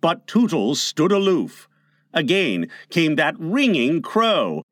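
Slow, expressive male storybook narrator. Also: on the high side, dry recording, clean studio sound. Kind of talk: audiobook reading.

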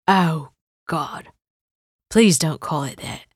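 A woman's voice: low voice, slow pace, slightly rough, no echo, studio quality, full character voice. A woman reading an audiobook and voicing a brash, crude older man who talks bluntly, sounds cocky, and swears.

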